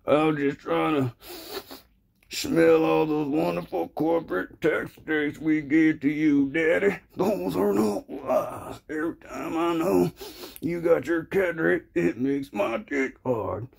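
A fawning young man whimpers and sobs, pitched high and pleading, as a man puts him on. His voice stays gravelly and husky under the crying. He begs in a thin, wavering tone. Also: takes it slowly, full character voice.

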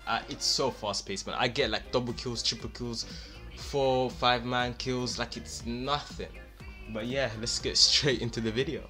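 A man and gaming YouTuber giving excited gameplay commentary, hyped and exclaiming often, voice a bit worn. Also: mid-range voice, moderate pace, soft background music. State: losing his voice a little.

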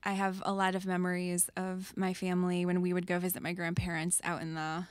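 A woman's voice: lowish voice, monotone, fairly quick, no room sound. A young adult woman, a singer-songwriter guest, chatting casually in a studio interview and laughing often. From Metro Detroit. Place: radio studio.

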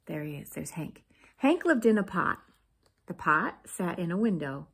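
A woman reading a children's picture book aloud, expressive and pointing out the pictures. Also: on the low side, normal speed, husky. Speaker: storybook reader.

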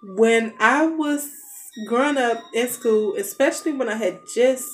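In a noisy home basement, a family vlogger and mother from the United States, in her thirties, tells a wandering story in casual chat while addressing her kids now and then. Her voice is a little high and her pace is measured.

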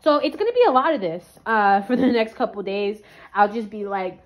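A woman filming a casual vlog about training her dog, calmly explaining each step to viewers in a chatty way. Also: medium pitch, fairly quick.

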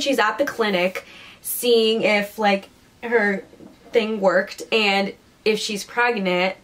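A young woman co-hosting a podcast casually recaps a book's plot in a mid-range, slightly bright voice. She's chatty and uses "like" and "um" a lot.

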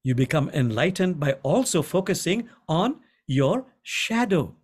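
Gentle man teaching with lively pitch. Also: breathy edge. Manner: gentle, repeats key phrases slowly for emphasis. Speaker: imam and spiritual teacher. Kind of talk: guided contemplative teaching. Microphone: video call.

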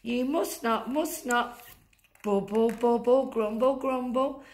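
A woman's voice: a little high, slow pace, darkish tone, voice pushed up. Scolding Christmas elf, read by a woman. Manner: scolding, emphatic, shushing. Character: small bossy Christmas elf, scolding and strict.

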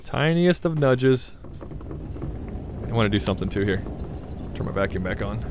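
A man's voice: fairly low pitch, lively intonation, moderate pace, background noise. A young man giving casual let's play commentary, chatting to himself and coaxing his vehicle along, yelping when things go wrong. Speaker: gameplay commentator.

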